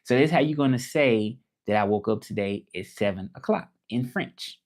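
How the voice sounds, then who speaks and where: A man from Memphis, hosting a casual live chat and repeating his phrases slowly as he thinks them over. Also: fairly low pitch, darkish tone. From Memphis, Tennessee, USA. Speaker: livestream host.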